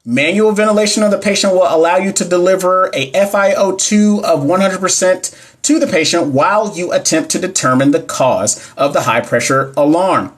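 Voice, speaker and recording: On a casual livestream, a young man with a high-sitting voice goes through nursing exam questions at a normal speed. He reads them aloud, chats freely, and replies to comments from viewers. Audio is captured by a phone or webcam microphone.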